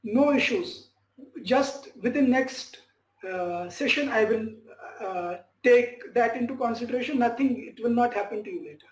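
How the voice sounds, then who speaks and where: A male tutor teaching a speaking class online talks at normal speed in a very high-pitched voice, reassuring his student with frequent check-ins like "fine" and "okay." It's captured over a video call in an echoey room with faint background noise.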